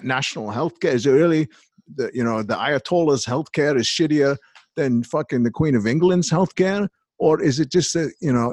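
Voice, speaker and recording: Guy doing a crusty old movie star, gravelly and husky, rambling and swearing a lot, dry close sound. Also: medium pitch, a little mellow, dry recording. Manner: rambling, profane, unfiltered rants. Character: crude, boastful aging male film star, older. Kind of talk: comedic impression in a podcast chat.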